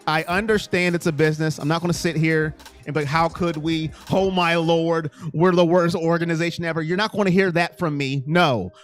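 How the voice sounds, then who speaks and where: Casual live-stream host, male, a touch high-pitched, rambling and reactive to chat, faint music underneath.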